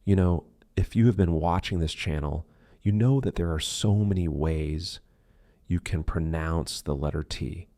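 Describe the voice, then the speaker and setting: Man, narrator for a pronunciation lesson, deep voice with lots of fry, steady read-aloud delivery. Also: a little slow, no echo, clean studio sound. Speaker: English pronunciation teacher.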